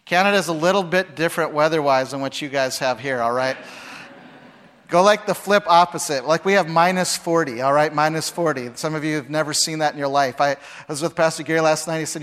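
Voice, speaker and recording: Middle-aged male preacher, casual and humorous, fond of rhetorical questions, slightly high voice. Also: fast talker, fairly bright tone. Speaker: pastor. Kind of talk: conversational sermon with scripture reading.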